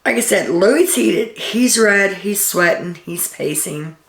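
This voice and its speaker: A woman with a medium-pitched, gravelly yet fairly bright voice recounts a reality TV episode, animated but taking her time. She chats through it like a story, reading quotes with filler "um"s, recorded in an echoey room.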